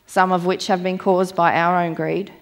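A woman with a somewhat low voice delivers a church sermon. She reads scripture aloud in a measured, deliberate way. She slows down and presses on the key phrases. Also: flat delivery. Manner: measured, emphatic reading with slowed key phrases. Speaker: preacher.

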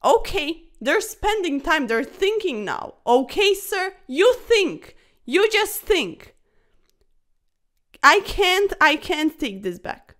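A woman chess streamer giving casual, excitable commentary over fast games, chatty and a little breathless, tacking "sir" onto her sentences. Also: very high voice. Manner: excitable, chatty, keeps saying "sir", laughs often.

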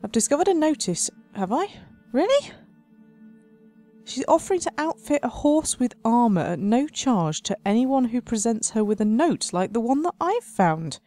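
A woman's voice: a little high, very animated, normal speed, mellow, no room sound, faint music behind. A woman hosting a let's play, commenting on the game in a playful mock-dramatic way and laughing often. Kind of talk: gameplay commentary.

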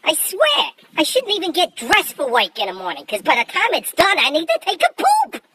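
A man's voice: extremely high pitch, huge pitch swings, moderate pace, noisy background, pitched above the performer's own voice, heavily acted. A man voicing a furry male creature who complains about his morning routine in a jokey, exaggerated way. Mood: grumbling. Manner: exaggerated, jokey, sudden loud outbursts.

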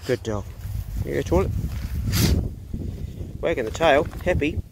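Relaxed New Zealand farmer talking to his dogs. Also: a little high, moderate pace, vocal fry, noisy background. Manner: talks fondly and coaxingly to his dogs, relaxed and chatty. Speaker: farmer and pig hunter. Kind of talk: casual vlog talk while tending dogs. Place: outdoors on a rural farm by the dog kennels.

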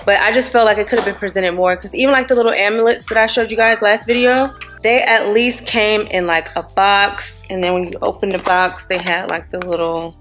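A woman's voice: mid-range voice, steady tone, fairly quick, few pauses, fairly bright tone, faint music behind. A young adult woman chatting casually in a family vlog, blunt and joking, scolding her kids playfully. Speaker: vlogger mom.

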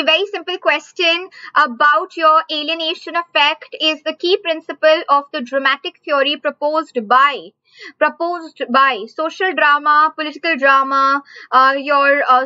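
Indian lady teacher, bright sharp voice, repeats stuff slow, dry kinda dull audio. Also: high-pitched, steady tone, dry recording. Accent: Indian English. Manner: repeats questions slowly, drawn-out emphasis. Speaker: online exam-prep teacher. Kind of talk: live online class.

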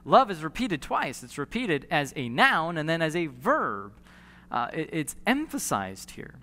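A male pastor preaching a sermon earnestly, with emphatic pauses and repeated phrases. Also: on the high side, huge pitch swings, bright, forceful tone. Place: church sanctuary. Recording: long church hall reverb.

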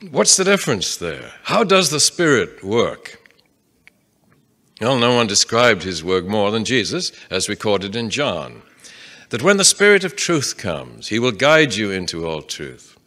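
A man leads a Bible class before a live audience. His voice is bright and his pitch moves a lot, rising and falling as he reads scripture aloud and puts questions to the room in a relaxed, conversational way. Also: unhurried. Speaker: Bible teacher. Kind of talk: interactive Bible class lecture.

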